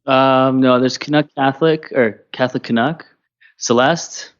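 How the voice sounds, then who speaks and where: A Canadian man speaking as a podcast guest, relaxed and rambling with many restarts. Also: medium pitch, measured pace, smooth, dull audio. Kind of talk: casual interview.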